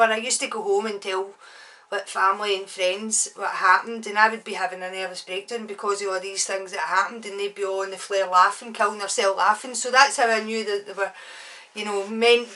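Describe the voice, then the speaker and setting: A woman's voice: mid-range voice, sharp tone, recorded from a distance. A Glaswegian woman in her forties, an author chatting bluntly and swearing freely as she tells a story in a casual vlog.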